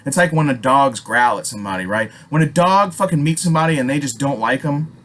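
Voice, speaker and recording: A middle-aged man from Alaska telling a story casually, swearing constantly and jumping loudly when he acts out what people said. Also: mid-range voice, fast talker. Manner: animated, swears constantly, acts out quotes with loud jumps.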